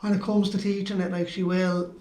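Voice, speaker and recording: A man's voice: sits high, little pitch movement, a little fast, a little mellow, echoey room, poor audio. A middle-aged Irish man co-hosting a podcast, chatting casually and agreeably. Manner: agreeable, chimes in often. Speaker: podcast co-host. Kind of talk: casual chat.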